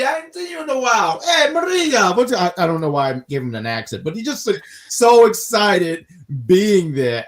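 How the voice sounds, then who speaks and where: A man co-hosting a wrestling review show in casual chat, joking and rambling with stammered restarts. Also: mid-range voice.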